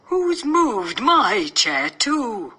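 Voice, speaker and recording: A woman voicing a fussy, motherly mother bear in a storybook cartoon, with high, sing-song exclamations. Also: sing-song, extremely slow, pushed and bright, slightly rough, exaggerated voice. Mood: shocked.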